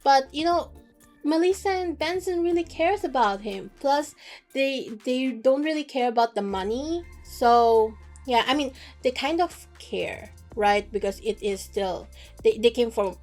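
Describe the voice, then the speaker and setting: A young woman casually retelling a story while drawing, chatty and animated, acting out the characters' lines. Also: high-pitched, a little slow, soft background music. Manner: chatty, animated retelling with fillers and acted quotes. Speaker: webcomic artist recapping a novel. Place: home studio, drawing at desk.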